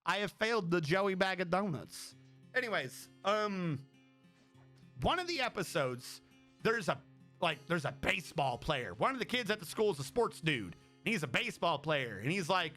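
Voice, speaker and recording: High, bright-voiced rambling male streamer. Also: big pitch swings, moderate pace, soft background music. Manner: rambling and profane, with many restarts. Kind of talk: casual chat.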